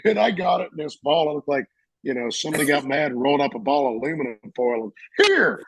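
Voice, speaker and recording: Gravelly middle-aged veteran telling stories. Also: male voice, a little high, fast talker, dry recording, rough recording. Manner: animated, acts out shouted quotes. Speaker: veteran interviewee. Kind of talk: casual storytelling.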